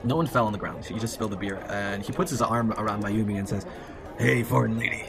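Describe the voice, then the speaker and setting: A man narrating a tabletop game as game master, quickly and with many fillers. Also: on the low side, music in the background.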